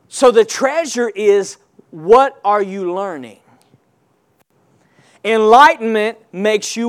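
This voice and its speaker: A man preaching a sermon, calling on the congregation to answer back and stressing points with slow, emphatic delivery. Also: extremely high pitch, clear, resonant tone. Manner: call-and-response preaching, rising to emphatic shouts.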